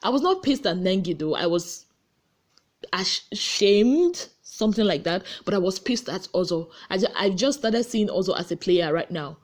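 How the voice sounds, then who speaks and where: A Nigerian woman recapping reality-show gossip late at night, tired but lively, acting out what people said. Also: moderate pace. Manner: animated storyteller, acting out quotes with big pitch jumps. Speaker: gossip vlogger. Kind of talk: casual chatty recap. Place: her room at home.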